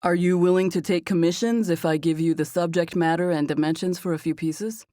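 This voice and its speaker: A woman voicing a playful, confident young man who jokes around in a relaxed, teasing way, in a slightly lower version of her own voice. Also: a little fast, no room sound, clean studio sound, natural voice. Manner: teasing, relaxed, self-assured.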